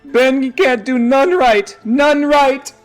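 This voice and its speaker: A man's voice: very high voice, slow, soft background music, pitched above the performer's own voice. A man voicing a simple-minded young man who talks in a nasal, childlike, broken way through his sobs. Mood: sobbing. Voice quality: nasal, sobbing.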